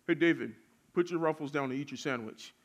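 A man voicing an angry grown man scolding a child, shouting and sputtering. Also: fairly high pitch, a little fast, natural voice. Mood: stern.

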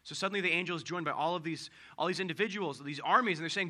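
A male youth pastor gives a casual sermon, chatting along with lots of fillers and tag questions. His voice is very bright and sharp and sits somewhat high. He keeps the talk loose and conversational. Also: racing, hardly any pauses.

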